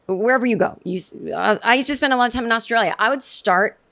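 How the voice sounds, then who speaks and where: A woman's voice: a little high, fast. A middle-aged American woman hosting her own podcast, rambling and sarcastic in casual solo commentary. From United States. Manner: rambling, animated, sarcastic asides. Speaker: podcast host.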